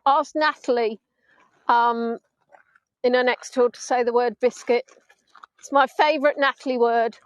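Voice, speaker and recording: Southern English woman, middle-aged, high voice, dry close sound, chatty live tour guide outdoors. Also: fairly even intonation, unhurried, no echo, low-quality recording. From England (Hampshire). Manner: chatty, affectionate, answering viewers' comments. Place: outdoors on a beach at dusk.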